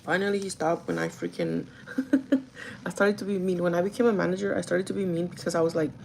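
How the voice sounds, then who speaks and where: Gravelly-voiced woman telling a chatty story. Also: on the low side, fairly quick, darkish tone, slight background noise, poor audio. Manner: chatty and gossipy, with frequent "like" and swearing. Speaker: store manager. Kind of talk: casual storytime chat with a livestream audience.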